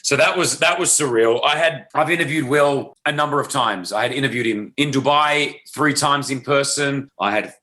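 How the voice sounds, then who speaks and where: A man's voice: medium pitch, normal speed, few pauses, sharp tone. A radio host in his thirties from Australia, telling a story as an interview guest and acting out the people he quotes.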